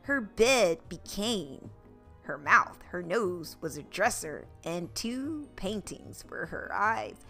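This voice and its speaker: A woman's voice: on the low side, sing-song, takes it slowly, creaky, fairly bright tone, soft background music. A woman podcast host reading a children's book aloud, playful and adding comic asides. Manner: playful, laughs at her own asides.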